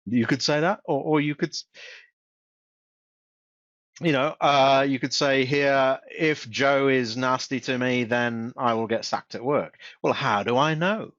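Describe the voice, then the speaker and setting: Man giving a halting self-help webinar. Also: mid-range voice, fairly bright tone, no echo. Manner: halting, repeats words and restarts often. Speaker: webinar presenter. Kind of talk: casual instructional webinar. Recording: dull, dry close-mic recording.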